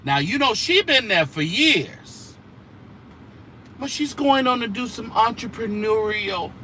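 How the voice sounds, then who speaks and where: A man's voice: sits high, expressive, slow pace, bright, forceful tone, poor audio. A man hosting casual church gossip commentary, sassy and drawling, with mocking mimicry of the people he talks about. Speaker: host. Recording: outdoor traffic noise.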